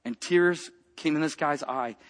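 A man preaching a personal testimony, telling a story with lively acted-out quotes and dropping to a hush for tender moments. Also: a little high, brisk. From grew up in a rough biker family.

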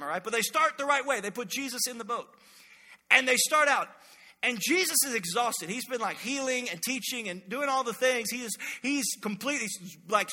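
A man preaching a sermon as a pastor, telling stories with animated energy and acting out the voices he quotes. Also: very high-pitched, long reverb tail.

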